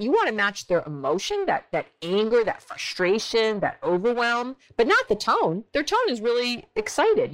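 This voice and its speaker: A lively woman in her forties talks through relationship advice as a therapist on her podcast. Her voice sits at a middle pitch but swings widely up and down. She often slips into little acted-out exchanges with big jumps in tone. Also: low-quality recording. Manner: animated, acts out quoted dialogue with big pitch jumps.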